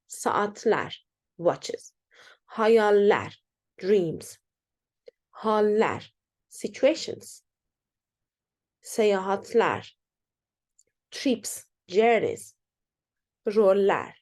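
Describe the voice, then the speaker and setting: A woman teaching an online language lesson, explaining slowly, with fillers and self-corrections, and repeating example words with emphasis. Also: mid-range voice, a little mellow. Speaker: Turkish teacher.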